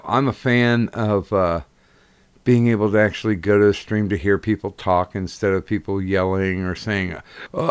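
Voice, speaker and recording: A man's voice: on the low side, smooth. A man co-hosting a stream in a laid-back, dry manner. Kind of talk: casual stream chat.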